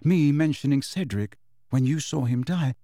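A man voicing a gentle teenage schoolgirl in an audiobook, speaking softly and haltingly through tears. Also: mid-range voice, dry recording, clean studio sound, close to an everyday voice. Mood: tearful. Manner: halting, tearful delivery. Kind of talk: audiobook character voice.

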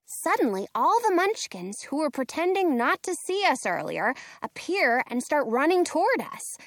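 A woman narrating a children's storybook aloud with expressive, animated delivery. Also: on the high side, moderate pace, no echo, studio quality.

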